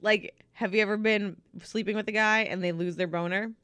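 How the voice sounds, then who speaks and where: A woman's voice: mid-range voice, fairly even intonation, fairly quick, a bit bright, smooth, no echo, studio quality. A young woman co-hosting a podcast in casual chat, teasing and giggly, reading out fun facts. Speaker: podcast co-host.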